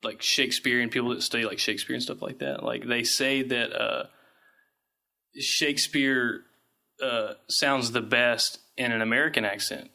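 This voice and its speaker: Podcast cohost guy, bright voice, kinda halting, lots of uhs while he explains stuff. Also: mid-range voice, steady tone, gravelly. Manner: halting, hesitant explaining with many fillers. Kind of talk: casual chat.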